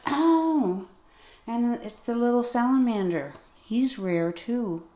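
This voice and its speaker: A woman vlogger unboxes toys with casual commentary, musing to herself and gasping with delight at her finds. Her voice is a little high and warm, and she speaks unhurriedly. The room is echoey, with clear background noise.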